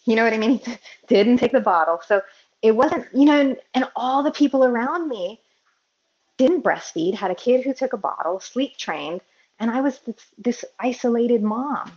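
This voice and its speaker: A woman's voice: a little high, lively intonation, moderate pace, a little mellow. Earnest mother telling her story. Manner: earnest, tumbling, self-correcting speech. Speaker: guest, psychologist and mother. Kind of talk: candid personal storytelling. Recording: dull lo-fi audio.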